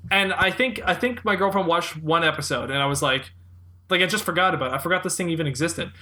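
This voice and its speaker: A man co-hosting a casual pop-culture podcast, talking in an animated, rambling way with frequent laughs. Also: a little high, fast talker. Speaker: podcast co-host.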